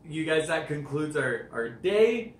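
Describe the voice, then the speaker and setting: A young man vlogging from home, playful and quick to laugh. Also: fairly high pitch, big pitch swings, echoey room, a little hiss or hum. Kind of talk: casual chat.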